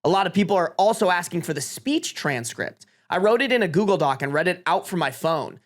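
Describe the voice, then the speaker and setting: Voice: mid-range voice, animated, a little fast. A live streamer reading Reddit posts aloud to chat, with reactions. Swears freely and laughs often. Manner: talks to chat.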